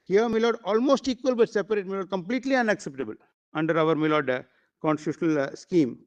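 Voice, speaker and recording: A man arguing a case before judges in a courtroom, formal and deferential, often pausing with fillers. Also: sits high, highs cut off. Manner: formal, constantly addressing the bench, hesitant fillers. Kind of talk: courtroom legal argument.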